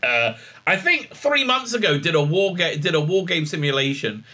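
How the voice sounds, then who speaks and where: A man's voice: fairly high pitch, sing-song, moderate pace, bright, forceful tone. A man recapping a TV episode in a sarcastic, ranting tone, with many "uh"s and sighs of exasperation. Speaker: show reviewer.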